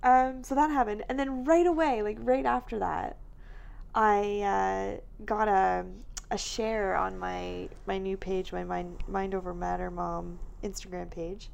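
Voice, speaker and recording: Tired young woman rambling on a podcast, like like like, a bit of vocal fry. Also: mid-range voice, unhurried, a little hiss or hum. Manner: chatty, lots of "like" fillers, animated quoting. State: tired, yawning. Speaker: podcast co-host. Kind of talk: casual chat.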